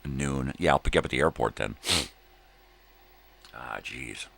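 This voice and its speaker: Very deep gravelly older man, laid-back. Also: a little slow, a bit bright, a little hiss or hum. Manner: rambling, laid-back, laughs often. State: hungover. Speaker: livestream host. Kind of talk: casual chat to viewers.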